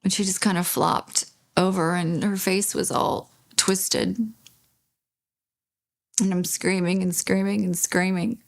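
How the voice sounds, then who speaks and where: Slow, gravelly-voiced grieving mother. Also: on the low side, little pitch movement. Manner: halting, with pauses and restarts. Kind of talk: emotional interview testimony.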